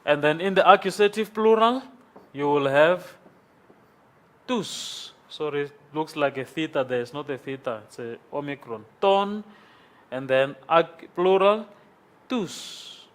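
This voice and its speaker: Slow, patient man teaching in class. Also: on the high side. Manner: patient, repeats forms and checks with "okay?". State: congested from sinus trouble. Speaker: Greek language teacher. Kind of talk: classroom lecture. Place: classroom with a board.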